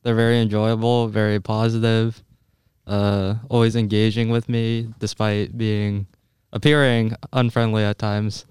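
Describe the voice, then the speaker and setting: A teenage boy, a club member, talking in a monotone. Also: on the low side, unhurried, smooth, dry recording, studio quality. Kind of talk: casual chat.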